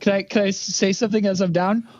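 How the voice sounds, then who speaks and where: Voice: mid-range voice, fairly even intonation, quick pace, a little mellow, dry recording. A tabletop game player talking casually, eager and interrupting, on a dull, dry lo-fi mic.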